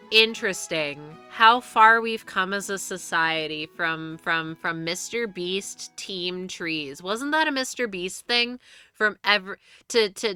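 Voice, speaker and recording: A woman's voice: fairly low pitch, pushed and bright, clear, resonant tone. A young woman streaming live, chatting casually and rambling with frequent restarts and free swearing.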